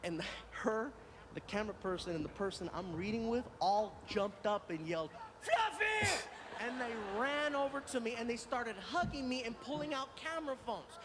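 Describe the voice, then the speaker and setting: A male stand-up comedian telling a long story, animated and acting out every voice. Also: extremely high pitch, moderate pace. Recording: noisy live stand-up recording.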